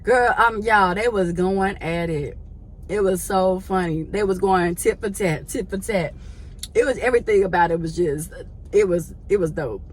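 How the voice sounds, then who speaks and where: Animated, laughing woman vlogger. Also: medium pitch, normal speed, breathy edge. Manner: animated, laughing often, chatty; slangy, addresses viewers as y'all. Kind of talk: casual storytelling to viewers.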